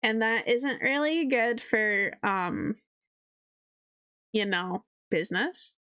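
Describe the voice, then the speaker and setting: A woman's voice: a little high, lively intonation, slow pace, bright, forceful tone, clean tone. A young woman streaming live as an artist, chatting casually in a blunt, profane way and often mimicking people. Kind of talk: casual livestream chat.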